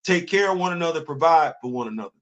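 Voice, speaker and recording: A man's voice: a little high, expressive, quick pace. A middle-aged man hosting a livestream, talking fervently and colloquially in a preachy tone as he answers his live chat. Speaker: livestream host. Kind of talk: impassioned livestream commentary.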